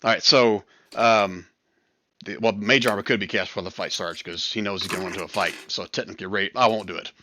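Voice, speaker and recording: A man's voice: fairly low pitch, fairly even intonation, brisk, background noise. A man acting as dungeon master in an online tabletop game, explaining rules in a laid-back way. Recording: dull, lo-fi voice chat.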